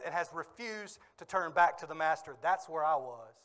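A male pastor preaching a sermon in a church, telling stories with lively energy and bursts of laughter. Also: on the high side, normal speed. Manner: animated storytelling with bursts of laughter. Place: church sanctuary.

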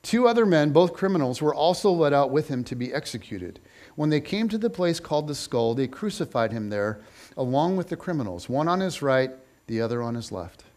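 A man reading a scripture passage aloud in an expressive, measured way. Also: fairly high pitch. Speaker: scripture reader.

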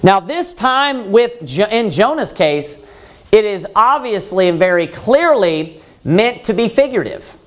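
A man's voice: high voice, very animated, unhurried, a bit bright. A man preaching a sermon, emphatic, asking the congregation rhetorical questions and answering them himself, quoting scripture in old-fashioned wording.

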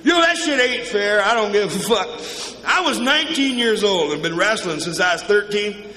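Profane stand-up comic, high and lively. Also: male voice, normal speed, a little hiss or hum. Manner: crude, profane storytelling with quoted voices. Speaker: stand-up comedian. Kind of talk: stand-up comedy set. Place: comedy club stage before a live audience. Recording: live club recording with crowd and reverb.

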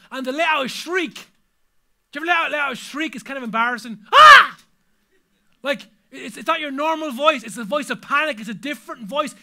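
A middle-aged man preaches a sermon from a church stage, his voice sitting unusually high for a man. The tone is very bright and forceful. He swings dramatically between loud, urgent cries and hushed, low asides. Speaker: pastor. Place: church hall with a congregation.

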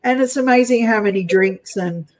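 A woman's voice: a little high, moderate pace, poor audio. A woman with an Australian accent, hosting an interview in a chatty, playful way and laughing often. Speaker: host. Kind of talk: casual interview chat.

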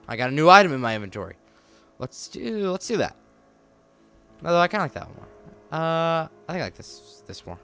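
A man's voice: mid-range voice, sharp tone, clear, resonant tone. A man giving casual, playful commentary while playing a video game, joking around and making up silly stories as he goes. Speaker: let's play gamer.

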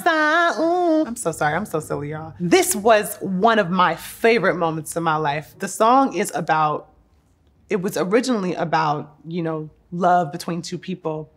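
Woman, 30s, from Newark, actress, slightly low pitch, effusive, heartfelt, playful asides. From Newark, New Jersey. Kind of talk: casual career retrospective.

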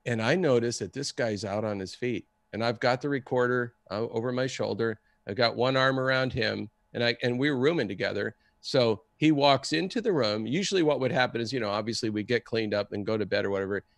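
A man telling a story in a casual, excitable way and acting out the people he quotes. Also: mid-range voice, fairly quick, gravelly, hardly any pauses, no room sound, clean studio sound. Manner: animated, acts out the people he quotes. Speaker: guest storyteller.

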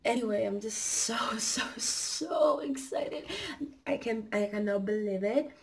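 A teenage girl vlogging on her phone, gushing and halting, repeating herself with excitement. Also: a little high, slightly rough. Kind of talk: casual excited vlog.

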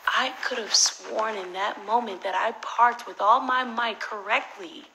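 Young woman, livestream storyteller on a phone; bright, gravelly delivery, loud then whispered, very profane. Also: a little high, measured pace, slight background noise, poor audio. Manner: animated and profane, swinging between loud outbursts and whispered asides. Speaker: social media personality on a livestream.

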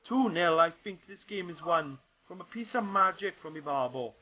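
A young man doing gameplay commentary, swearing constantly and swinging between frustrated shouts and low muttering. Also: expressive, normal speed, highs cut off. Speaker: gaming YouTuber.

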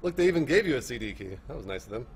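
Animated wisecracking man on a stream. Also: medium pitch, racing. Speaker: livestream co-host. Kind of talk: casual gaming banter.

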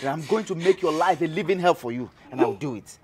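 A man's voice: on the high side, quick pace, a crowd in the background, natural voice. A man playing a cruel, spiteful husband who threatens his pregnant wife, taunting with mocking questions. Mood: menacing. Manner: taunting, menacing, tag questions "eh?". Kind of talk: web skit drama acting.

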